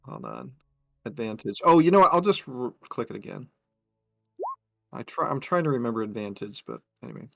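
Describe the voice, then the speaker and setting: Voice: medium pitch, huge pitch swings, fairly quick, creaky, over music. A tabletop player talking casually and chattily about their character's turn, laughing often.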